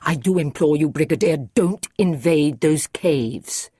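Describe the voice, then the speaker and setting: A woman reading an audiobook, voicing a calm, earnest male time traveller who speaks courteously. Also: low voice, unhurried, breathy edge, dry recording, studio quality.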